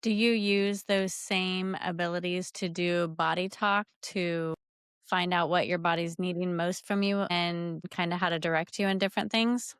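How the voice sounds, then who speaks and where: A woman's voice: on the low side, fairly even intonation, normal speed, clear, resonant tone, no echo, studio quality. A woman co-hosting a podcast, asking attentive follow-up questions. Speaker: podcast co-host. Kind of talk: casual interview chat.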